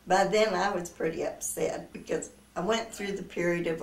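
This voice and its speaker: A woman's voice: fairly low pitch, moderate pace, gravelly, roomy sound, recorded from a distance, rough recording. An older woman telling a family story in a home interview, laughing often as she talks.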